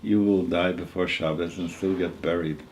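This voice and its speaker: A man in his eighties voicing a revered mystic master who pronounces judgment gravely and calmly. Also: sits low, a little hiss or hum. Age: 80s. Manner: grave, measured.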